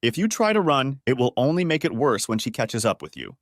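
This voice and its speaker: A man's voice: medium pitch, big pitch swings, brisk, no room sound, clean studio sound, lightly acted. A man voicing a level-headed male friend who gives blunt, firm advice.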